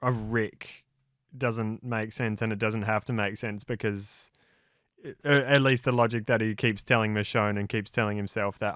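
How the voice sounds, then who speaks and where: Low-voiced easygoing male podcast co-host. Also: steady tone, moderate pace, a bit bright, dry recording, studio quality. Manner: easygoing, hesitant with many "um"s and restarts. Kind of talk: casual chat.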